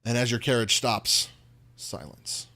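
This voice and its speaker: A man running a tabletop role-playing game as dungeon master, setting scenes with slow, descriptive narration. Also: mid-range voice, a bit bright.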